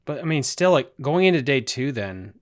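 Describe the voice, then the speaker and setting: A man's voice: medium pitch, very animated, moderate pace. A man hosting a podcast, asking enthusiastic follow-up questions in a casual chat. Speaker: podcast host.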